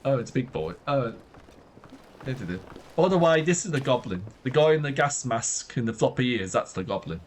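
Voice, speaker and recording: A man's voice: mid-range voice, animated, normal speed, a little hiss or hum. A man chatting casually while streaming a game, giggling often and trying out silly voices. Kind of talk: casual live-stream chat.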